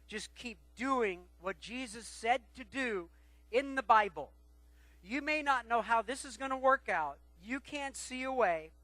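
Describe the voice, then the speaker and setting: A pastor preaching a sermon, swinging between loud calls and quiet asides. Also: male voice, sits high, dry recording, poor audio.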